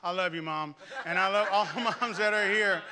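A male pastor preaching a sermon, telling stories with lots of energy, laughing and shouting at times. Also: high-pitched, moderate pace, crowd noise. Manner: animated storytelling, laughing and shouting.

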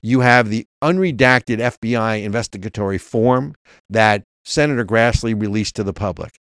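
A man's voice: on the low side, normal speed, a bit bright, clear, resonant tone, no room sound, clean studio sound. A man co-hosting a political talk show, arguing emphatically and reading legal text aloud. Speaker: co-host.

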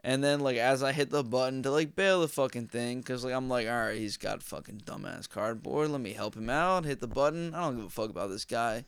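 Man, young adult, podcast co-host, casual profane storytelling, smooth voice, dry close mic. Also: mid-range voice, a little fast, hardly any pauses, no room sound.

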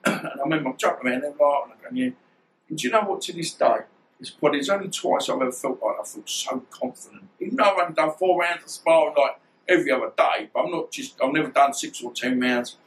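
A man's voice: fairly high pitch, lively intonation, fast, low-quality recording. Rambling man telling boxing stories. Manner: rambling, restarts often, swears. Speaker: former pro boxer, interview guest. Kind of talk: casual storytelling interview.

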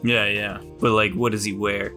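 A man's voice: on the low side, flat delivery, moderate pace, bright, forceful tone, soft background music. A man playing in a casual tabletop game, full of questions and laughter, often stumbling over his words. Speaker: player.

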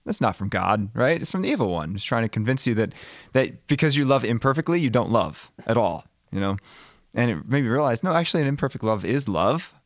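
A man's voice: medium pitch, very animated, brisk, no room sound, clean studio sound. A man hosting a casual faith conversation, reflective and telling stories as he asks questions. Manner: reflective, storytelling. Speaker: podcast host.

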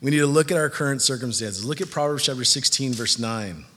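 A man's voice: mid-range voice, a little fast, fairly bright tone. A man preaching a sermon in a casual, conversational way, acting out listeners' voices. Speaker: pastor. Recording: hall reverb.

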